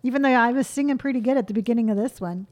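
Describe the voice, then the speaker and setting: A woman from California chatting casually as host, talking quickly and freely. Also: fairly high pitch, a little mellow. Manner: quick, chatty, self-described fast talker. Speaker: YouTuber and host. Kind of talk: casual chat.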